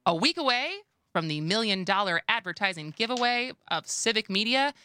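A woman's voice: mid-range voice, animated, brisk, pushed and bright. A woman with a Wisconsin accent co-hosting a radio talk show, chatty and playful, often laughing. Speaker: radio co-host. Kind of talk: casual radio chat.

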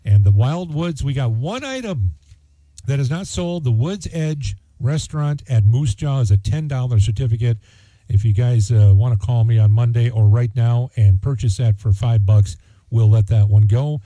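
A man's voice: mid-range voice, normal speed, mellow, dry recording. A man hosting a local radio charity auction, reading out winning bids in a folksy, chatty way with plenty of fillers. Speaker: radio host.

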